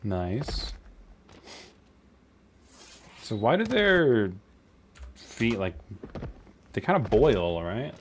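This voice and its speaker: A young man streaming, reviewing viewer animations in casual, blunt commentary, quick to swear and laugh. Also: lowish voice, sing-song, slight background noise.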